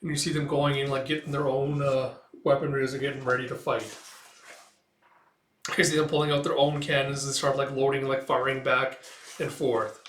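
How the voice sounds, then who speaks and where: A man's voice: medium pitch, level tone, normal speed, fairly bright tone, a little hiss or hum. Casual man recapping a comic. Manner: loose, filler-heavy retelling. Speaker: manga reader and commentator. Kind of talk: casual read-along recap. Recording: roomy echo.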